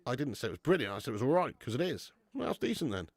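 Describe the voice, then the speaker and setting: Racing along with big swings in pitch, a young man with a gravelly, fry-edged, slightly mellow voice reads the live chat while hosting a football stream. He's casual, laughs often, swears freely and calls viewers "mate," all on a dry, close recording without room sound.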